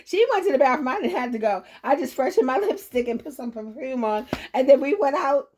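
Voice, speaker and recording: Very high-pitched, giggly woman storyteller. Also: fairly quick, a little hiss or hum. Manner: giggly, animated, breaks into laughter often. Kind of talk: casual anecdote telling.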